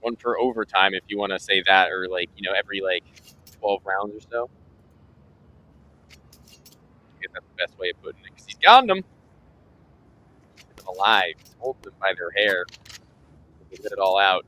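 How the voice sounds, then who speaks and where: A man's voice: low voice, fairly even intonation, normal speed, pauses often, bright, forceful tone, rough recording. A man giving color commentary as an esports caster, laid-back and joking between analysis.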